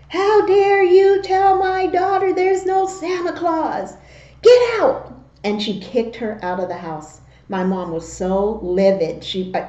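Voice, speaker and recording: A middle-aged woman vlogger telling casual, animated stories about family memories. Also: a little high, roomy sound, muffled recording. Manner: animated, slow and drawn-out when telling stories. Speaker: mukbang vlogger. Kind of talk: casual storytelling.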